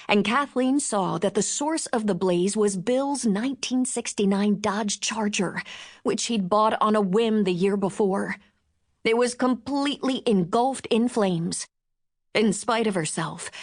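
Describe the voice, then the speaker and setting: A woman narrating a novel in measured, expressive storytelling. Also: mid-range voice. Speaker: audiobook narrator. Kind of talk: scripted audiobook narration.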